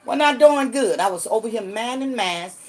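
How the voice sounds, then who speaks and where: Loud trash-talking woman in her sixties. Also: animated, moderate pace. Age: 60s. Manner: loud, cursing, trash-talking, swings between hollering and low muttering. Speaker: livestream host. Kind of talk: livestream chat answering viewers.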